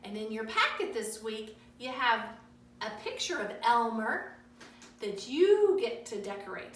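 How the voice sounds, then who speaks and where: A woman teacher reading stories aloud to young children in a sing-song, animated way. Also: on the high side. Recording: echoey room, from far off, faint noise.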